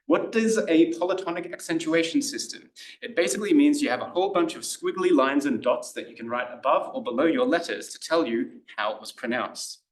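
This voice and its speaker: Casting: Australian male tutor, middle pitch, chatty and halting, recorded from across an echoey room. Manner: chatty, hesitant, many fillers and restarts. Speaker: Greek tutor giving a lecture. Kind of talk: informal lecture. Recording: roomy lecture room, mic at a distance.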